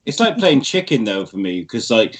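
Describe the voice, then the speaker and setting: A British man chatting on a podcast with a blunt, sweary edge, quick to laugh between rants. His voice sits at an ordinary middle pitch. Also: sing-song. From United Kingdom. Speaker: guest. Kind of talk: casual podcast chat.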